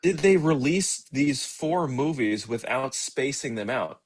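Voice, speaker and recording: A young man co-hosting a movie podcast, chatting in a relaxed, agreeable way with casual swearing. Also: mid-range voice, a little slow. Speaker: podcast co-host. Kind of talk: casual chat.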